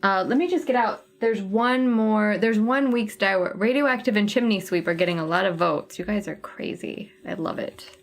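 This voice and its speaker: Chatting with her livestream viewers, a cross-stitch host thinks out loud while sorting thread colors for her craft. She talks at normal speed with few pauses, in a medium-pitched voice.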